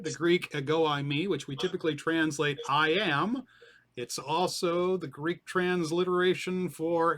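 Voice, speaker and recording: A man's voice: on the high side, pushed and bright. A man leading a group Bible study, explaining in a conversational way and putting questions to the group.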